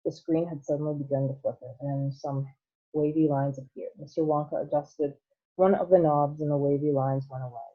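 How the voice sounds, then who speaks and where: A woman teacher reading a storybook aloud to students in a steady storytelling manner. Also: sits low, fairly quick. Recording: tinny phone-like line.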